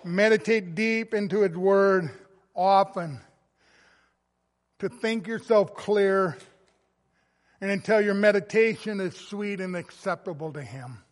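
Slow, emphatic high-voiced preacher man. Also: big-room sound. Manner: slow, emphatic preaching that swells loud then drops soft. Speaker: pastor. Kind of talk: sermon.

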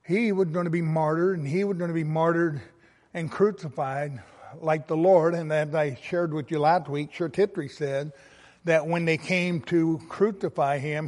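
A man's voice: on the high side, darkish tone, in a large hall. A man preaching a sermon, reading scripture aloud and stressing key words with emphasis. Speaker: pastor.

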